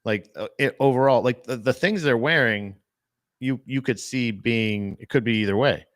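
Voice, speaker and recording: A man's voice: medium pitch, moderate pace, no echo, studio quality. A man co-hosting a podcast, rambling in casual banter with frequent restarts and laughter. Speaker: podcast co-host.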